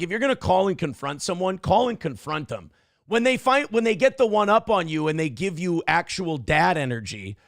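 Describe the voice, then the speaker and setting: Animated sarcastic male show host. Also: sits high, dry recording, studio quality. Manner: sarcastic, animated, profane storytelling. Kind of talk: comedic commentary.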